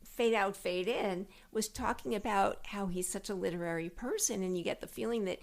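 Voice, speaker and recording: Woman with a gravelly voice, chatting. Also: medium pitch, moderate pace. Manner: conversational, storytelling. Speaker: guest, host's mother. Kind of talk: casual chat.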